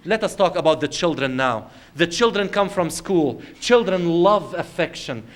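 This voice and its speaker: A man with a notably high voice gives an Islamic lecture to a congregation. He tells everyday family scenarios in a conversational, storytelling way. He acts out quotes and speaks straight to the brothers and sisters in the room. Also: lively intonation, moderate pace, hardly any pauses. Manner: conversational storytelling with acted quotes, addresses the audience directly.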